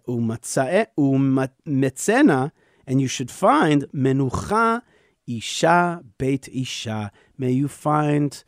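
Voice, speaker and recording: A man's voice: fairly high pitch, a little mellow, dry recording, clean studio sound. Emphatic man teaching scripture. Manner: emphatic, explanatory, with frequent stammered restarts. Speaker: radio show host.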